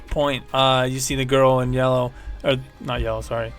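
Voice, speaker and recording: A man's voice: mid-range voice, little pitch movement, moderate pace, few pauses, faint music behind. A man narrating as game master of a tabletop game, rambling, with many fillers and self-corrections.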